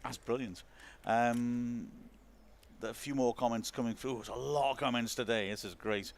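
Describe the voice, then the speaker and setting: A man's voice: mid-range voice, steady tone, normal speed, slight background noise. A man hosting a live football question and answer session, chatty and self-deprecating, reading out viewers' comments. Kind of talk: casual football chat.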